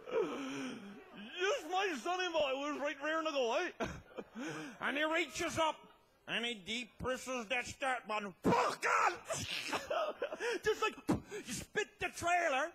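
A man telling a tall tale as a comedy monologue, loud and laughing, often breaking into shouts. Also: very high-pitched, lively intonation, takes it slowly, creaky. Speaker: comic storyteller.

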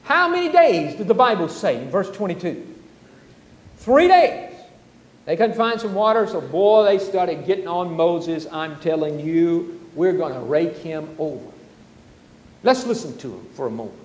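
A man preaching a sermon as pastor, animated, acting out the grumbling crowds. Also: sits high, moderate pace, reverberant, in a large hall, low-quality recording. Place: church sanctuary.

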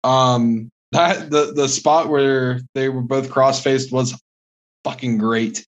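A man's voice: mid-range voice, steady tone, takes it slowly. A man co-hosting a casual podcast, giving blunt, ranting opinions and swearing freely. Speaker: podcast co-host. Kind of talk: casual podcast review chat.

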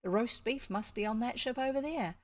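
A woman's voice: on the high side, fairly quick, lightly acted. A woman voicing a fussy, worried female duck who keeps house, speaking in an anxious, cautious way in a storybook reading. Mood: matter-of-fact.

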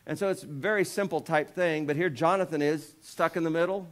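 A man's voice: a little fast, few pauses. A male pastor preaching a sermon, retelling scripture in a casual storytelling way with jokes and asides, raising his voice when he quotes the people in the story. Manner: lifts pitch and volume when voicing quoted figures.

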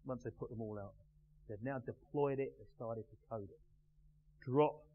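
A man teaching a live class in a measured, emphatic way, pausing and putting questions to the group. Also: medium pitch. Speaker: NLP trainer. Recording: tinny phone-like sound with faint hum.

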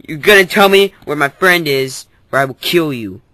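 A man voicing an angry, bossy plumber brother who yells threats while hunting for his missing friend in a plush toy comedy skit. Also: a little high, lively intonation, normal speed, no echo.

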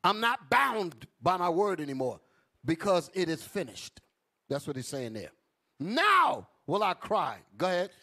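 A man's voice: on the high side, expressive, normal speed, a bit bright. A man teaching a Bible class in an emphatic preaching style, calling out to his listeners. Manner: emphatic, calls out to the audience.

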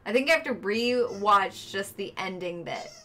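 A woman's voice: mid-range voice, expressive, normal speed, bright, forceful tone. A woman streaming herself playing a video game, chatting casually with viewers and friends in the room.

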